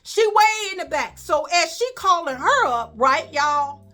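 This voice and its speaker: A woman's voice: very high voice, expressive, a little slow, bright, forceful tone. A woman with a Chicago accent telling a story in a casual, profane way, acting out the voices of the people she quotes. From Chicago, USA.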